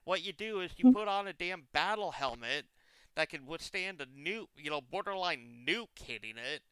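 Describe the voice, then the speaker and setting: A man's voice: fairly high pitch, animated, moderate pace, a bit bright, clear, resonant tone, dry recording. A young man chatting casually as a streamer, telling long comic stories with exaggerated quoted lines. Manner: rambling comic storytelling, exaggerated quoted voices. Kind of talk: casual chat.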